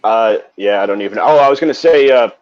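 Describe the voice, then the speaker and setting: A man's voice: on the low side, fast talker, lo-fi sound. A man guesting on a stream chat, answering hesitantly with many fillers. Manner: hesitant, lots of uh and um. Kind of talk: casual interview answers.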